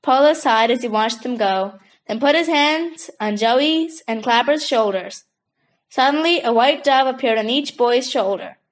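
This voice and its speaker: A woman narrating a children's book in a steady storytelling voice. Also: fairly high pitch, unhurried, poor audio. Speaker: audiobook narrator.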